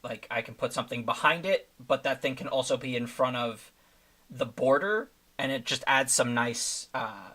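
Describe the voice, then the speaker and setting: A streamer making thumbnails talks through his process in casual live commentary, his medium-pitched voice pushed and bright at a moderate pace. It's loose and rambling, with many fillers as he thinks aloud.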